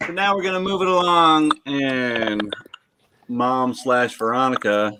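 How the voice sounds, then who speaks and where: A man co-hosting an online improv show in a quick, chatty way with stumbling restarts. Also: medium pitch, steady tone, background noise. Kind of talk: casual hosting chat.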